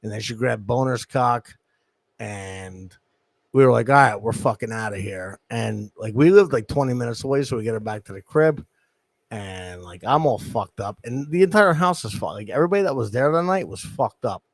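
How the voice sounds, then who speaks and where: Profane, animated New man. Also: mid-range voice, normal speed, no room sound. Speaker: podcast host. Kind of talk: crude casual storytelling chat.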